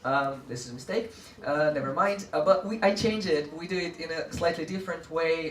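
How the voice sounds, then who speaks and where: A man presenting a workshop to teachers with lively energy, leading a live audience through group chants. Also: fairly high pitch, brisk, hardly any pauses. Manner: animated, often laughing, leads group chants. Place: large room with a live audience. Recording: echoey room, far from mic, audience noise.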